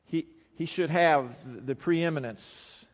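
A man preaching a sermon, swinging between quiet, low passages and loud, emphatic lines. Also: slow pace. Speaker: pastor. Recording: long hall reverb.

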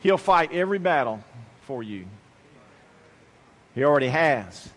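A man preaches with a notably high voice, repeating phrases for emphasis as he tells a story from the pulpit. His words ring out with a long reverb of a large hall. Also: very animated, moderate pace, pauses often. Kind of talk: sermon with personal story.

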